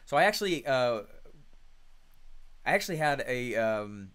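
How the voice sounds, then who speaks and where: Energetic man leading a coaching call. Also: mid-range voice, unhurried, smooth. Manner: energetic, conversational, reads chat comments aloud. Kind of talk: live online coaching call.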